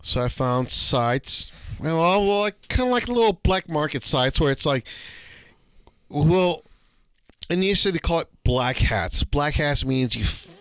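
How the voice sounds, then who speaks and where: A young man co-hosts a podcast in casual chat, blunt and freely profane, acting out little scenes as he tells stories. His voice is on the high side, expressive and unhurried, a bit bright, recorded cleanly with no echo.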